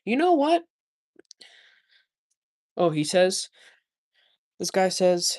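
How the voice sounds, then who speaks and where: A man's voice: fairly high pitch, expressive, measured pace, long pauses, darkish tone. Man, walking phone livestream, slightly winded, chatty and jokey with viewers. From Canada. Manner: chatty, joking, answers chat aloud. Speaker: livestream host. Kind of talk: casual live chat reading viewer comments. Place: outdoors, walking.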